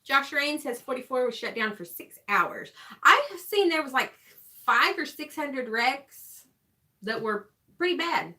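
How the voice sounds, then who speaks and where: Bright, lively woman. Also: high-pitched, measured pace. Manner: chatty and teasing. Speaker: livestream co-host reading viewer comments. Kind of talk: casual live-stream chat.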